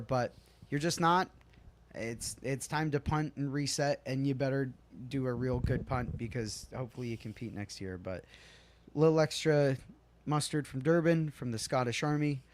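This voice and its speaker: A man's voice: medium pitch, normal speed. A man co-hosting a casual sports podcast, joking and playful as he runs the segments. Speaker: podcast co-host.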